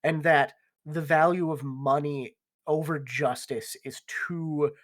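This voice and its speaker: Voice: mid-range voice, fairly even intonation, takes it slowly. A game master narrating a tabletop game in a rambling, laid-back way with lots of fillers. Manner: rambling, filler-heavy, laughs often.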